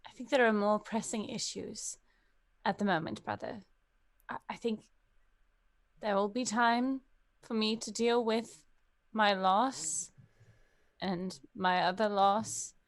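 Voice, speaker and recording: A woman voicing an earnest young spellcaster sister who speaks in a measured, restrained way. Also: medium pitch, fairly even intonation. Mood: subdued.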